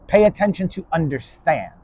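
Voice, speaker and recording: Stern, profane male lecturer, rambling lesson delivery, voice on the higher side. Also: very animated, moderate pace, mellow, slightly rough, no echo, lo-fi sound.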